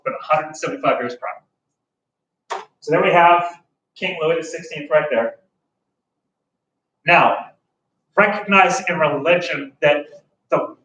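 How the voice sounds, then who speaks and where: In a classroom history lecture, a man speaks casually in a slightly high, fairly bright tone, sometimes slipping into the voices of common people. The room echoes, he's well off-mic, and there's faint room noise.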